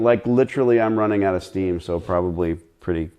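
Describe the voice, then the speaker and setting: A man's voice: low-pitched, brisk, dark tone. A middle-aged man chatting bluntly and ramblingly as a guest on a live stream Q&A.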